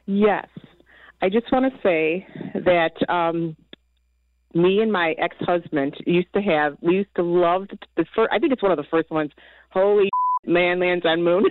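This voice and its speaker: A woman's voice: lowish voice, a little slow, dry recording. A woman calling in to a radio show, effusive and grateful as she speaks. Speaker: radio caller. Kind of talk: phone-in comment. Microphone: telephone. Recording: tinny phone line.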